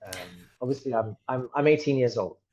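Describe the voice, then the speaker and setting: A man's voice: medium pitch, animated, a little fast, warm tone, muffled recording, slight background noise. A man in his thirties with a British accent, chatting candidly as an interview guest, wandering off on tangents and poking fun at himself. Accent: British English. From United Kingdom. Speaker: guest, reciter. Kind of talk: casual interview conversation. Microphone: podcast microphone.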